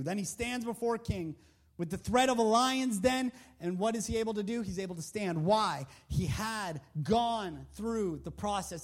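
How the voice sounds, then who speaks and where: Man, preacher, very high voice, casual sermon, emphatic, rhetorical questions, handheld mic. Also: moderate pace.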